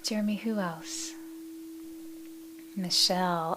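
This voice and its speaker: A woman hosting a live meditation stream, chatting casually with viewers in a soft, gentle voice that often drops to a near-whisper, affectionate and quick to laugh. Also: on the low side, steady tone. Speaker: meditation livestream host. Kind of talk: casual livestream chat reading viewer comments.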